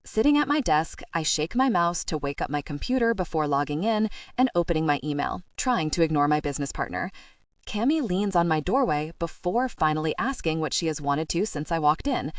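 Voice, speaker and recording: A woman's voice: low voice, animated, fairly quick, no room sound, studio quality. A woman narrating a first-person romance audiobook in a wry, self-deprecating way.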